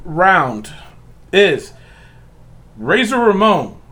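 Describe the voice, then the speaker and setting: A man's voice: sits high, very animated, extremely slow, bright, forceful tone. A man hosting a casual podcast chat, laughing often as he runs the discussion. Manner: laughs often, tiebreaker running the bracket. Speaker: podcast host.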